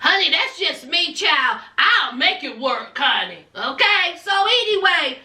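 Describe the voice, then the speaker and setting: Sassy high-voiced woman gossiping. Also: a little slow. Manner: sassy, animated storytelling with acted-out quotes. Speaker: reality TV recap host. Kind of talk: casual gossip recap. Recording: roomy echo, distant from mic.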